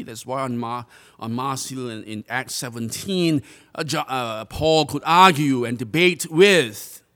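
Earnest male preacher, deliberate emphasis. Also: fairly high pitch, fairly bright tone. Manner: earnest, drawn-out emphasis on key phrases; repeats and restarts words while preaching. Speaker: pastor. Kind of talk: sermon.

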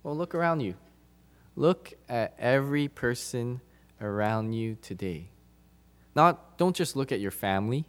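A man delivers a sermon to his congregation with emphasis, repeating phrases for stress and shifting between loud and soft passages. His mid-range voice is expressive and measured in pace, and the tone is clean.

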